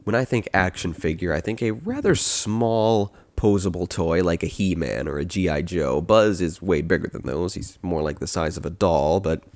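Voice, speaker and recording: A man with a low voice talks through a podcast in a chatty, wry way, cracking jokes and laughing at them. The sound is dry and close, with little room behind it. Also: expressive, moderate pace, few pauses, a little mellow, no room sound. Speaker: podcast host. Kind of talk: casual commentary.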